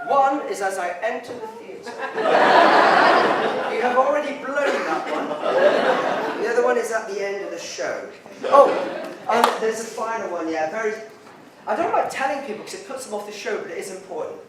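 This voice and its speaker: A man presenting a playful science show to a theatre audience, leading call-and-response with sudden loud shouts. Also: sits high, animated, normal speed. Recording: echoey hall from far off, loud crowd noise.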